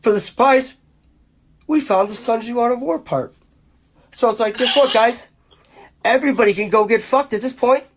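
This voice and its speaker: A man's voice: very high voice, normal speed, pauses often, slight background noise. A man hosting a podcast, talking in a heated, profane, rambling rant full of restarts and repeated exclamations. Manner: repeats exclamations in rising bursts. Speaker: podcast host.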